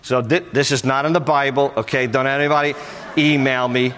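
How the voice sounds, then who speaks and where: Pastor preaching in a reverberant hall. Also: male voice, mid-range voice, a little fast, slight background noise. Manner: animated storytelling with playful voices, then softer and earnest. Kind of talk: sermon.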